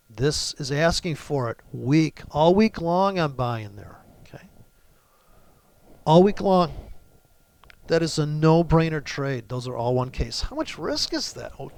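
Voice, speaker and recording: A man with a high-ish, creaky voice hosts a trading video, ranting over his charts on screen share. He's brash, profane and mocking, and there's no room sound.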